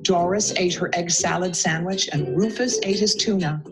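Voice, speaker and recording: A woman principal reading a picture book aloud to young children, lively and adding little asides as she goes. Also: lowish voice, moderate pace, over music, poor audio. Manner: animated, chiming in with asides. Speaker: school principal.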